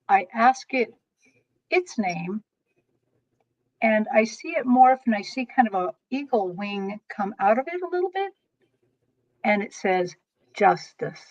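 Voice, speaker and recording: A woman reader telling an animated story in casual chat, with quick exclamations. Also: fairly high pitch, highs cut off. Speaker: tarot reader guest.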